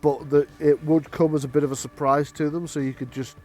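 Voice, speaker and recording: A man's voice: on the high side, little pitch movement, a little fast, darkish tone, soft background music. A man running a tabletop game as game master, narrating with frequent hesitations. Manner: hesitant, many ums and restarts.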